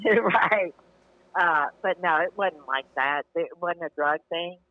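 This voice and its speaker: An older man with a fairly high voice speaks slowly on a lo-fi recording, a crowd audible behind him. He's a podcast guest telling stories in a laid-back, rambling way, hedging with "you know" throughout the casual chat.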